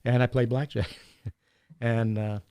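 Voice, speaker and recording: A man telling anecdotes in a casual podcast chat, animated and laughing often, acting out the people in his stories. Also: mid-range voice, slow pace, clear, resonant tone, dry recording. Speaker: podcast guest. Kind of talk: casual storytelling.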